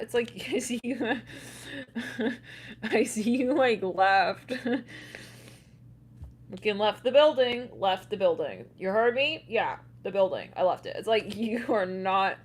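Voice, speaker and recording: A woman giving a casual tarot reading, chatty and quick to laugh, with loose swearing. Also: fairly high pitch. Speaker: tarot reader.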